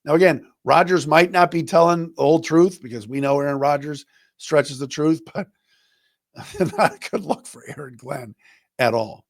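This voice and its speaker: A man's voice: on the high side, normal speed, gravelly, no room sound, studio quality. Opinionated male sports podcast host. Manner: opinionated, conversational, acts out quotes. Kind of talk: sports talk commentary.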